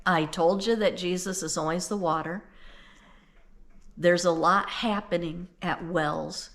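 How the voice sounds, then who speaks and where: A woman's voice: lowish voice, steady tone, a little slow, fairly bright tone. An older woman retelling a Bible story in a folksy, conversational way, then explaining its meaning earnestly. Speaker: Bible teacher.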